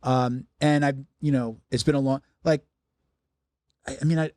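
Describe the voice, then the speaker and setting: A man's voice: medium pitch, fairly even intonation, normal speed, a little mellow, no echo, studio quality. A man in his fifties hosting a podcast, talking in a loose, chatty, joking way. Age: 50s. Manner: chatty joker. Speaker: podcast host. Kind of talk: casual chat.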